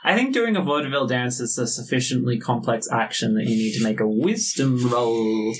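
A man's voice: mid-range voice, brisk, slight background noise. A man narrating a tabletop game as game master, genial and drawling.

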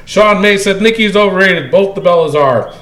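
A man's voice: high voice, normal speed, a bit bright. A man co-hosting a podcast, casually chatting, laughing often and reading listener comments aloud. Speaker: podcast co-host.

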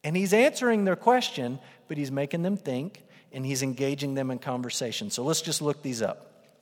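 A man preaching to a congregation, mostly chatty and direct but surging loud when he drives a point home. His mid-pitched voice rings out with a long reverb tail from a large hall. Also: moderate pace. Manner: conversational, emphatic, rising to loud bursts for quoted lines. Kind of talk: sermon.

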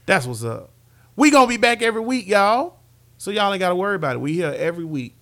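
Guy with a high gravelly voice ribbing his cohost on a football podcast, slangy and playful. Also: big pitch swings, quick pace, sharp tone. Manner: teasing, playful, drawling slang. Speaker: podcast co-host. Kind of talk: casual sports podcast banter.

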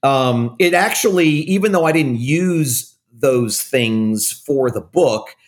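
Guy being a guest author on a podcast, talks frank and a bit self-mocking, trips over his words a lot, mid pitch. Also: animated, slow. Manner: frank and self-deprecating, with frequent restarts. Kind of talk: candid conversational interview.

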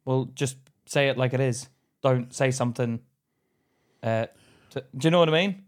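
A man's voice: medium pitch, moderate pace. A man co-hosting a podcast, bluntly telling crude stories and swearing freely. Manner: blunt, swears a lot, tells stories with quoted voices. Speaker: podcast co-host. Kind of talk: casual crude banter.

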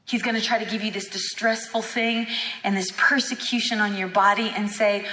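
Woman healing-school preacher, fervent and emphatic, bright, forceful voice, echoey hall. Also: medium pitch, fairly even intonation, moderate pace. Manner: fervent and emphatic, acts out quoted dialogue. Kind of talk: teaching sermon. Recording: echoey hall with long reverb.

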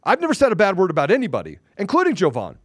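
A man's voice: high-pitched, huge pitch swings, very fast, dry recording, studio quality. A man hosting a podcast, delivering a heated, confrontational rant with mild cursing and repeated phrases for emphasis. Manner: combative, confrontational, taunting. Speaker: podcast host.

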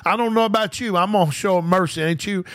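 A man with a high, fairly bright voice talks quickly, with no echo at all. He preaches a fervent, colloquial podcast sermon, addressing listeners directly as "guys," repeating key phrases and posing rhetorical questions.

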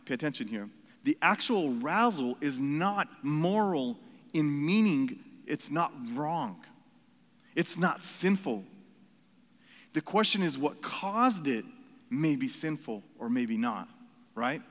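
Earnest preacher in a reverberant hall. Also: male voice, a little high, a bit bright. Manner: earnest, emphatic preaching with repeated phrases and asides. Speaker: pastor. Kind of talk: sermon.

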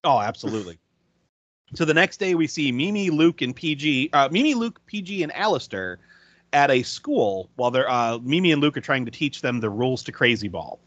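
Lively man recapping a movie, lo-fi. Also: medium pitch, brisk, dry recording. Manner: animated, laughs often, acts out quoted lines. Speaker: podcast co-host. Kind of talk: casual movie recap chat. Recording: dry, dull lo-fi audio.

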